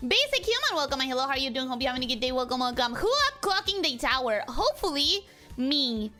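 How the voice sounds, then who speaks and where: A bright, high-pitched woman streaming live, bubbly and chatty as she welcomes her viewers one by one. She rambles, laughs at her own slip-ups and pokes fun at herself. Faint music plays behind her. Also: big pitch swings. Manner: bubbly, greets viewers in a repeated welcome routine; rambling, self-deprecating, quick to laugh. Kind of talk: casual livestream chat.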